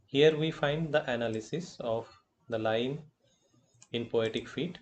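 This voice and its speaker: Male professor with an Indian English accent, very slow and deliberate, halting delivery with fillers and self-corrections. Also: mid-range voice, slight background noise. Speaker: college professor. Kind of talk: slow lecture on poetic meter.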